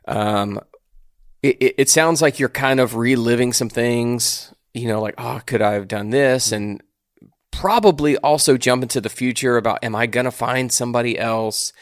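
A man's voice: mid-range voice, dry recording, clean studio sound. A man co-hosting a faith-based podcast, talking in a casual, reflective way and often saying "man". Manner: reflective, casual, says "man" and "dude" a lot. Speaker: podcast co-host.

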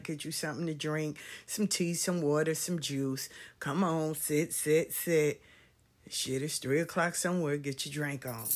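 A woman hosts a talk show, telling stories in a loose, chatty monologue full of swearing and a drawling, Southern-style way of addressing listeners. Her voice is on the low side, with a fairly bright tone.

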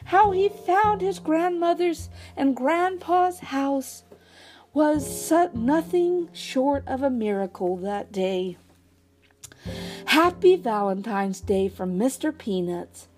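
Slow, high-voiced woman reading a storybook. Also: lively intonation, faint music behind. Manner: slow, gentle storytelling delivery. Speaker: storybook reader. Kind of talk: reading a children's story aloud.

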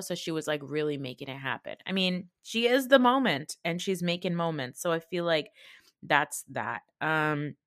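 A woman's voice: low-pitched, a bit bright, no room sound, clean studio sound. A woman hosting a podcast, recapping reality TV in a chatty, opinionated way, swearing freely and correcting herself often. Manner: frequent fillers and self-corrections. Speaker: podcast host.

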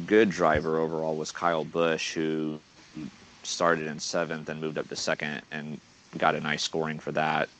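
Man with a very deep voice. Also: fairly bright tone, a little hiss or hum. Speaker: podcast co-host. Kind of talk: casual sports podcast chat.

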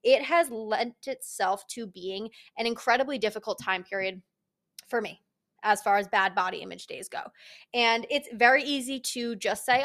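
A young woman talks through her solo podcast in a casual, candid way. Her voice sits slightly high, and she is blunt and lively, with plenty of profanity. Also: moderate pace. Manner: blunt, frank and profane, animated. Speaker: podcast host.

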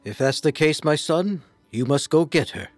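An actor playing a divine father consoling his grieving son, solemn and soft-spoken. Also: on the high side, lively intonation, normal speed, no room sound, soft background music, lightly acted. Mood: solemn comfort. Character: gentle divine father god, male, ageless, comforting. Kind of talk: storybook audio drama.

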